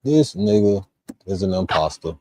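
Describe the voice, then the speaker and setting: A man's voice: low voice, big pitch swings, normal speed, darkish tone, no echo. A man hosting a live reaction stream, ranting with a profane, indignant, exasperated manner. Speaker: livestream reaction host.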